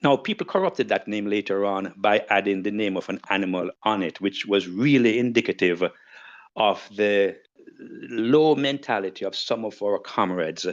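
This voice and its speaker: An older man giving a formal tribute in a measured, elaborate way. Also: lowish voice. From Jamaica. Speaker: podcast guest. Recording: dull lo-fi audio.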